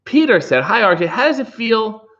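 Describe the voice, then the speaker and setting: A man hosts a casual livestream, reading out viewer comments and answering them with deadpan, sarcastic quips. His voice swings widely and lively in pitch. The stream audio sounds dull and lo-fi. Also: normal speed. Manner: dry sarcastic asides, animated pitch swings. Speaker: livestream host reading chat.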